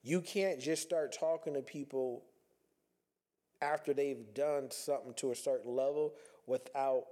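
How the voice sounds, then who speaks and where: A man's voice: mid-range voice, unhurried, warm tone. A man talking earnestly in a reflective personal monologue, conversational and repeating himself as he works through his thoughts.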